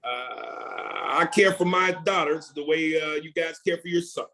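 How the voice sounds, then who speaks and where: A man doing an impression of a famous male statesman, speaking with a measured, halting cadence and a slightly raised voice. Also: fairly high pitch, noisy background.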